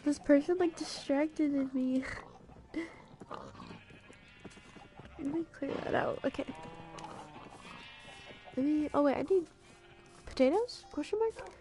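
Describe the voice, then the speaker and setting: A woman's voice: high voice, steady tone, slow, pauses often, warm tone, soft background music. A woman streamer chatting casually while gaming, telling a rambling story and losing her train of thought. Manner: rambling, easily distracted storytelling.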